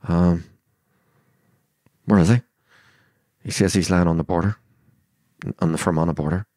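Belfast man in his sixties, very low voice, blunt storyteller, swears freely, dry close mic. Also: steady tone, a little fast, a little mellow, no echo. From Northern Ireland. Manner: vivid retelling that acts out quoted dialogue. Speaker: guest. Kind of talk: storytelling interview.

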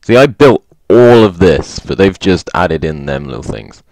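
Brief: male game commentator with a very low voice, upbeat, reads signs aloud, dry close sound. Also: lively intonation, measured pace, vocal fry, a little mellow, no room sound. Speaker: gaming video host. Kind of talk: casual gameplay commentary.

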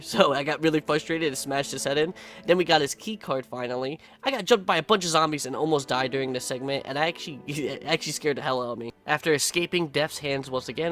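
Guy talking fast over his gameplay, casual and sarcastic, swears a bit, game music going behind. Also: medium pitch, fairly bright tone. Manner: laid-back, swears casually, recounts play with sarcastic asides. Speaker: gaming video creator.

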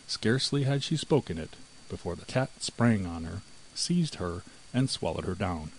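A man narrating a fairy tale in an expressive, measured storybook reading. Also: lowish voice, slightly rough, low-quality recording. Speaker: audiobook narrator.

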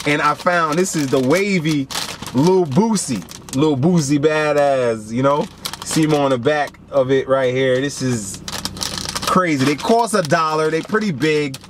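A young man hosting a casual snack taste-test vlog, animated and joking, with lots of slang. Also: a little high, measured pace, slight background noise. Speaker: snack reviewer.

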